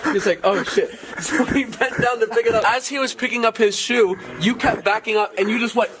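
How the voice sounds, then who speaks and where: A man's voice: extremely high pitch, fairly even intonation, fairly quick, noisy background. A young man telling a story in casual chat, full of "like" and laughing.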